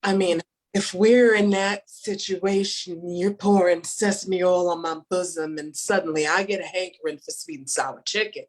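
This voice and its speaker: A woman doing a stand-up comedy set remotely, telling stories with animated delivery and laughing at her own jokes. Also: lowish voice, normal speed. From Chicago, USA.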